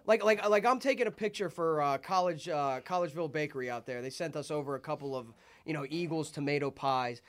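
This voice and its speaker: Excitable rambling male podcast host. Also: a little high, fast talker. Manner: excited, rambling storytelling with swearing. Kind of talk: casual sports chat.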